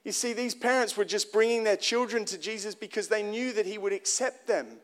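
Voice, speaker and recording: A man's voice: high-pitched, brisk. A man preaching a sermon in an earnest, conversational way, often restarting phrases and asking the congregation direct questions.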